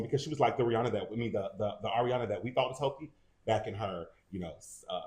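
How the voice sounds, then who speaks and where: A man's voice: mid-range voice, lively intonation, fast talker. A man co-hosting a casual gossip show, talking animatedly and acting out what people said in raised voices. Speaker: co-host. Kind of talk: casual celebrity gossip chat.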